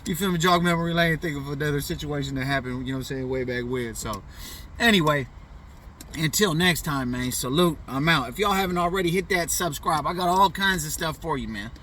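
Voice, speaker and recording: A man's voice: on the high side, a little fast, pushed and bright, recorded from a distance, slight background noise. A middle-aged man casually telling a funny childhood story in loose, profane slang, often tossing in "you know what I'm saying.". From US Pacific Northwest. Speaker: vlogger.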